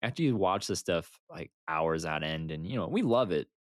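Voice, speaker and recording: A man with a fairly low voice chats casually on a podcast, his pitch swinging widely as he laughs and retells scenes. The sound is close and dry, with no room around him. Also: moderate pace, dry recording. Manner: animated, laughing often, quoting movie lines. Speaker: podcast co-host. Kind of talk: casual chat.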